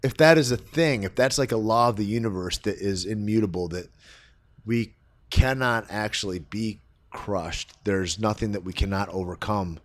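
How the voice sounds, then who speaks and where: Animated storytelling man on a podcast. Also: on the low side, moderate pace. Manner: animated storyteller, acts out quoted people. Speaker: podcast guest. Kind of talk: casual podcast conversation, storytelling.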